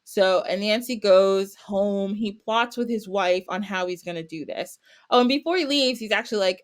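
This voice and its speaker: Woman, podcast guest, animated storyteller, playful character voices, casual tone. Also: mid-range voice, normal speed. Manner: animated, acts out characters with little voices and laughs.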